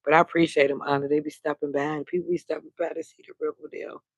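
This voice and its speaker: A woman's voice: low-pitched, flat delivery, fast talker, dry recording, dull audio. A woman hosting a casual late-night livestream, chatting freely and greeting viewers by name, drawing her words out. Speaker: livestream host.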